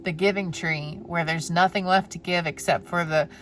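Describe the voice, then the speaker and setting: A woman giving a pick-a-card tarot reading in a gentle, heartfelt way. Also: lowish voice, fairly even intonation, normal speed, soft background music. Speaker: tarot reader.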